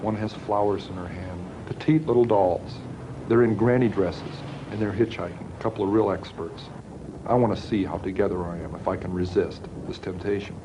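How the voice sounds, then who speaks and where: A man from the United States speaking slowly and haltingly in a recorded interview. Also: low-pitched, fairly even intonation, lo-fi sound, noisy background. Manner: slow, halting, measured.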